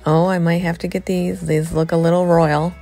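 A middle-aged woman chatting excitedly to viewers as she shops a thrift store, filming on a handheld phone. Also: lowish voice, moderate pace, faint music behind. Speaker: vlogger. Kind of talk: casual thrift-store vlog chat.

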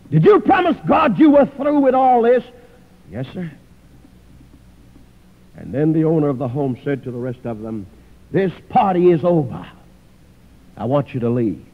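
A man preaching a sermon, telling a story dramatically and acting out the people in it. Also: a little high. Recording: tinny phone-like sound with long hall reverb.

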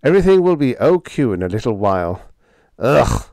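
A man voicing an excitable male radio operator on a spaceship, howling his complaints in a storybook reading. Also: medium pitch, quick pace, dry recording, pitched above the performer's own voice, lightly acted. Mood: wheedling.

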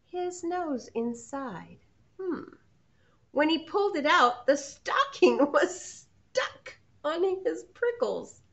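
A woman reads a picture book aloud to preschoolers, slow and expressive, her fairly high voice rising and falling widely. She pauses to ask the children questions. The recording is muffled and lo-fi. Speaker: preschool teacher. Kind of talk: storybook read-aloud for children. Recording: muffled lo-fi sound.

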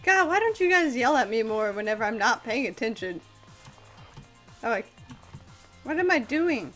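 A young woman hosting a gaming channel, giving excitable, playful, self-mocking let's-play commentary. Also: fairly high pitch, normal speed, pauses often, soft background music.

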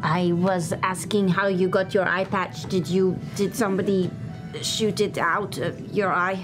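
A woman's voice: lowish voice, fairly even intonation, unhurried, music in the background. A woman player in casual banter, blunt and teasing.

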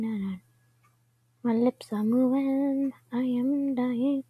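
Breathy high-voiced woman narrating gameplay. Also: fairly even intonation, slow pace, no room sound, phone-quality sound. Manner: chatty, often drops into whispers. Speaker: gameplay commentator. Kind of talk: casual gaming commentary.

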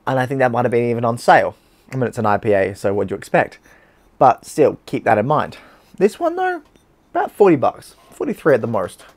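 A man's voice: mid-range voice, darkish tone. An Australian man hosting a casual beer-tasting vlog, chatty and blunt, with slang and swearing.

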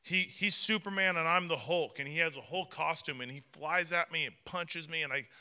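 A man in his thirties, a pastor preaching a sermon and telling family stories in an animated way with playful acted quotes. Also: a little high, normal speed, clean tone, in a large hall.

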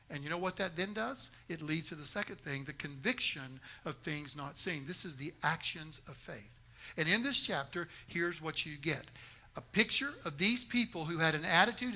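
A male pastor preaching a sermon, animated and conversational, acting out quoted voices and making jokey asides to the congregation. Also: high voice, moderate pace.

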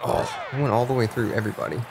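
A man co-hosting a couch gaming session, teasing his partner with quick remarks. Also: medium pitch, animated, creaky, background noise. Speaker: let's play co-host. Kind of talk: casual gaming banter. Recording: game music behind.

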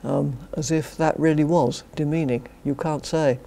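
An older woman with a British accent delivers an academic lecture, her voice gravelly with fry and mellow in tone. She talks with dry, wry humour and slips in chuckled asides. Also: low voice, fairly even intonation, normal speed. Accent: British English. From Britain. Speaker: philosophy professor giving a lecture. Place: university lecture to a student society.

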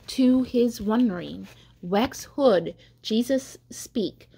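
A woman catechist reading a children's storybook aloud in a gentle, unhurried way. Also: fairly high pitch, creaky, slight background noise.

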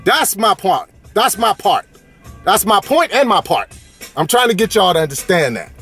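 Pitched high and pushed bright, the voice of this Californian toy collector is very animated yet keeps a moderate pace, with faint music underneath. He hosts a casual toy-hunting vlog, bantering playfully with slang in a sing-song style.

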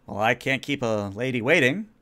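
A man voicing a courtly, gallant gentleman rogue in a tabletop game. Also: medium pitch, expressive, moderate pace.

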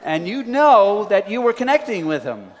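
Man, preacher, sermon storytelling, folksy, slightly high voice, long church reverb. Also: moderate pace. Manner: folksy, building to excited. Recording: reverberant hall.

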